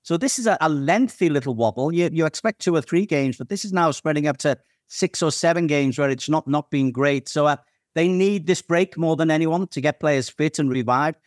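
A male pundit walks through a team's recent results in a measured, analytical way. His voice is fairly high for a man. The recording is dry and close. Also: no room sound. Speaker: football pundit. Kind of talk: casual studio chat.

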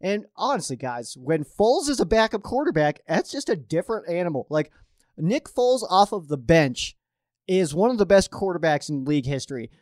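A sports podcast host rambles loosely through his football picks, frequently restarting sentences. His voice is a little high for a man yet darkish in tone, very animated with emphasis swinging up and down, at a moderate pace. The recording is dry and close with no room sound.

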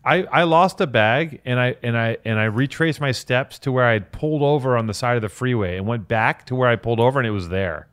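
A man tells stories in a relaxed, easygoing way, often dropping in a short agreeing word. His voice sits at an ordinary middle pitch. The talk is loose and casual. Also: clear, resonant tone. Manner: laid-back storyteller, quick affirming interjections. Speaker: podcast co-host. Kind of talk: casual podcast chat.

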